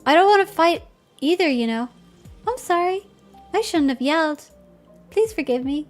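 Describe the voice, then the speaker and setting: A woman reading the lines of a gentle, earnest young girl from a visual novel, in a soft, sincere and pleading way. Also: extremely high pitch, lively intonation, moderate pace, soft background music, voice pushed up.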